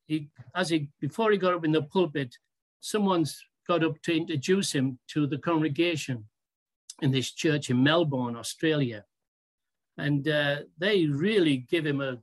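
A preacher delivering a sermon in a deliberate, emphatic way, asking rhetorical questions and drawing out key words. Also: mid-range voice.

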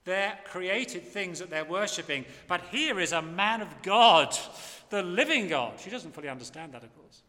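A man's voice: high-pitched, lively intonation, normal speed, pushed and bright. An older man preaching an emphatic, impassioned sermon from the front of a church. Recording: long hall reverb.

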